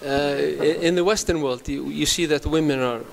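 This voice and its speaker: A man with an Icelandic accent interviewing a guest, asking questions hesitantly with many pauses and restarts. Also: on the high side, creaky.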